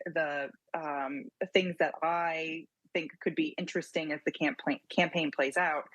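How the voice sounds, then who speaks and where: Low-voiced woman on a news panel. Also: a bit bright, no room sound, rough recording. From Tennessee. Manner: earnest, with restarts. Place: TV studio.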